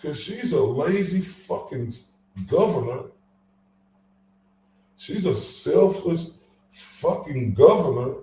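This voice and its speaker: A man's voice: a little high, animated, slow, long pauses, warm tone, a little hiss or hum. A man hosting a casual livestream, ranting with heavy profanity and reading chat comments aloud. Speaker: livestream host. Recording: echoey room, voice from far off.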